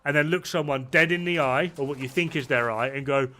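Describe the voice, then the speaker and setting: A man's voice: a little high, a little fast, bright, forceful tone. A man streaming a game, chatting casually and rambling, swearing freely as he plays. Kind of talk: casual chat while gaming.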